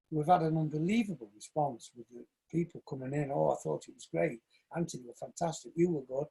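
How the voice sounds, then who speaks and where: Man in his 60s, gravelly husky voice, fairly high for a guy, tells stories and does the voices. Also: poor audio. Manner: animated storyteller, acts out quoted voices. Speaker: shoemaker and dance coach. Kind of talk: casual interview talk.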